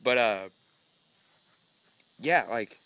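A man's voice: medium pitch, animated, drawn-out words, a bit bright, clean tone. A young man rambling through a casual vlog, self-mocking and laughing as he talks, just woken up. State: just woke up. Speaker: vlogger.

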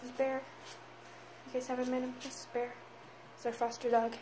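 A tired young woman chatting casually in a home vlog, soft and hesitant with many pauses and ums. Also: high voice, level tone, slight background noise, poor audio. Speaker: vlogger. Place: home, indoors.

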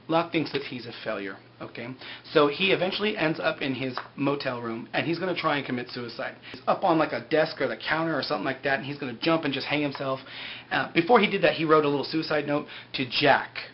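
A man retells a TV episode in a loose, sarcastic way, full of offhand asides. His voice sits a little high for a man. The recording is dull and lo-fi, with a faint hiss underneath. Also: fast talker. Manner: flippant, sarcastic, loose "he's like" storytelling. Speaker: TV episode recapper. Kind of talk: casual recap with mocking asides.

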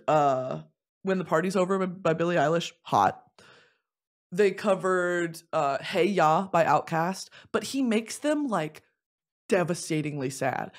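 A young woman in her twenties telling a funny story in casual chat as a podcast host, dropping to low mutters and rising to squealing laughs. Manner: animated, swings from low confiding mutters to shrieking laughs and squealed whispers.

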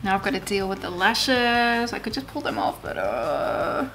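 A woman's voice: mid-range voice, expressive, normal speed, few pauses, a bit bright. Aussie woman chatting while doing her makeup, jokes at herself, faint music behind. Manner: chatty, self-mocking, swears when frustrated. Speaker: beauty vlogger. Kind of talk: chatty get-ready-with-me vlog.

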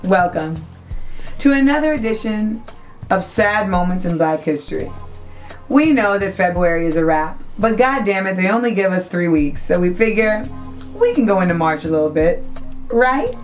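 A young adult woman hosting a web show, giving brash, profane, animated comedic commentary. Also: mid-range voice, moderate pace, soft background music.

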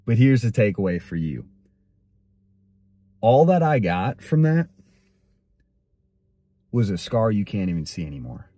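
A man's voice: fairly low pitch, very animated, unhurried, long pauses, dark tone, slightly rough, no echo. A young man delivering a blunt, slangy motivational monologue and telling a story straight to the viewer. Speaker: motivational content creator.

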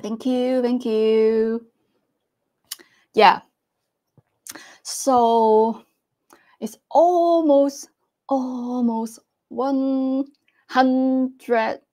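Slow-talking woman hosting a livestream. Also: a little high, mellow. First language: Cantonese. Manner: slow, halting, laughs often. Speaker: livestream host. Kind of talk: casual live-stream chat.

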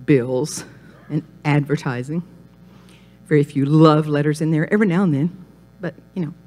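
Older woman preaching in folksy style. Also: moderate pace. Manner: animated, folksy storytelling with sudden rises in pitch. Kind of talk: sermon. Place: women's retreat gathering.

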